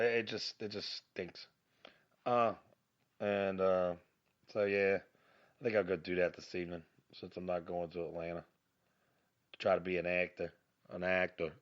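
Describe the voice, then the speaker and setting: A man with a raspy, slightly twangy voice and a fairly low pitch rambles through a casual solo rant. He swears freely and pokes fun at himself. It sounds like he is talking into a phone, and the sound is a little dull and muffled. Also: a bit bright. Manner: rambling, profane, self-mocking. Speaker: podcast host.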